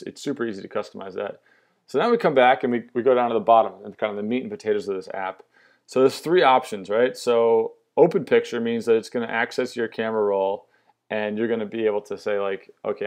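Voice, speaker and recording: An upbeat young man talks through an app demo in a loose, casual way. His voice sits a little low, and his delivery is eager and full of restarts. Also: a little mellow. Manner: upbeat, enthusiastic, lots of fillers and restarts. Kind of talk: casual product demo walkthrough.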